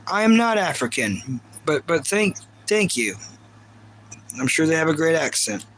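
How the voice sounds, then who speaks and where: A man's voice: a little high, big pitch swings, unhurried, fairly bright tone, a little hiss or hum, low-quality recording. A man with a Kentucky accent chatting casually on a live stream, rambling earnestly and reading viewer comments aloud. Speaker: livestreamer.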